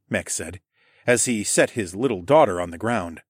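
A man reading an audiobook in first person, with expressive storytelling. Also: lowish voice, normal speed, husky, dry recording, clean studio sound. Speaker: audiobook narrator.

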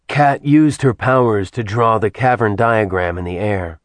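A man reading a novel aloud in an even, measured narration. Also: fairly low pitch, dry recording. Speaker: audiobook narrator. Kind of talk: scripted narration.

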